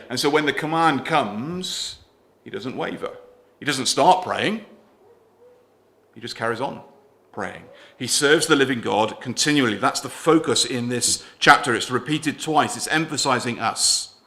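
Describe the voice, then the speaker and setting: Bright-voiced male preacher giving a sermon. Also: mid-range voice. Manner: earnest, asks the congregation questions, drops softer at line ends. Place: church.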